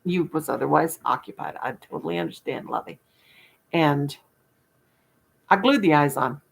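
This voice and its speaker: A woman's voice: low-pitched, very animated, moderate pace, gravelly, slight background noise. An older woman, hosting a casual livestream chat with viewers, folksy and self-mocking, laughing at her own jokes. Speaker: livestream host.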